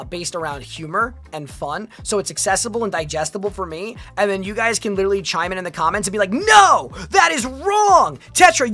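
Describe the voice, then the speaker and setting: A woman's voice: medium pitch, sharp tone. A young woman streaming casually, reading her chat aloud and reacting with chatty restarts.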